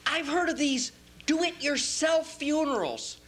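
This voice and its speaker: A man plays a dim, childish nephew with a naive, gleeful delivery. His voice is high and bounces around. Faint hiss sits under the voice. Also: lively intonation, measured pace, fairly bright tone, full character voice. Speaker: community theater actor. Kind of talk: stage play acting.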